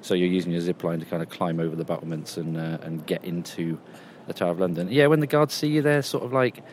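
This man talks fast in a low, somewhat mellow voice, with a bit of background noise behind him. He's giving a rambling, chatty convention report outdoors, in a quieter corner of a games convention, full of fillers.

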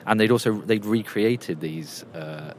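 Rambling low-voiced man reporting outdoors. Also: measured pace, a little mellow, a little hiss or hum. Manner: rambling and chatty, with many fillers. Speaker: podcast host reporting from a games convention. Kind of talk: casual spoken report. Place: quieter outdoor area at a convention.

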